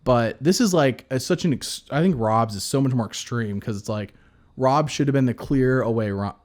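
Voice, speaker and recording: Dude rambling on a podcast, ums and likes everywhere, average pitch. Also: male voice, normal speed, darkish tone. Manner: rambling, many fillers and restarts. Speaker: podcast co-host. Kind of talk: casual chat.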